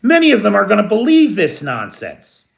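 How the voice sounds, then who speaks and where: A man's voice: sits high, huge pitch swings, normal speed, creaky. An American man hosting a live news show, talking casually, greeting viewers by name and commenting on the day's events. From United States.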